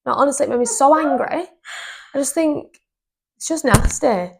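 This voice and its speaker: Woman, gravelly storyteller. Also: sits high, normal speed. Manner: animated storytelling, indignant. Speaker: podcast co-host. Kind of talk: casual chat.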